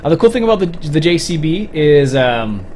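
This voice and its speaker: A man's voice: on the high side, very animated, normal speed, darkish tone, slight background noise. A young Canadian man from Ontario chatting casually through a livestream, rambling with fillers and restarts. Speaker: streamer.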